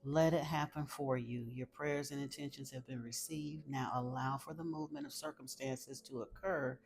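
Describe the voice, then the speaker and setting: A woman's voice: rumbling low, fairly even intonation, moderate pace, darkish tone. A woman giving an emphatic spiritual tarot reading to her viewers, repeating phrases for stress. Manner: emphatic, repeats phrases, gets teary, talks to viewers as y'all. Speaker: tarot reader.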